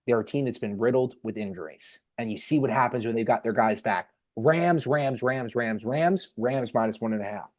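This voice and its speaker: Upbeat young man talking sports picks. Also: a little high. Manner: energetic, rattles off picks quickly. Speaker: podcast co-host. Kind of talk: casual sports betting chat.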